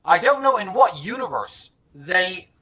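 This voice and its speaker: A man with a slightly high-pitched voice gives blunt, strongly held opinions on a podcast. He curses freely and often stammers and restarts mid-sentence. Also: sing-song, unhurried, bright, forceful tone, rough recording. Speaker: podcast guest. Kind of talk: casual chat.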